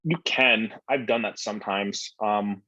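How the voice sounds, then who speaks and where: A deep, husky man talks through student questions in a loose, blunt coaching style, full of "like" and "um". His voice sounds dry and a little dull, as if recorded on a modest mic with no room around it. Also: measured pace, pushed and bright, no echo. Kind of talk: casual Q&A coaching talk.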